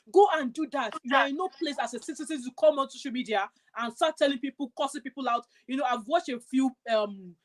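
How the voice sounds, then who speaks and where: A woman from Nigeria with a Nigerian accent, ranting emphatically and repetitively on a live stream. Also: on the high side. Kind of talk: impassioned live stream talk. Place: United Kingdom.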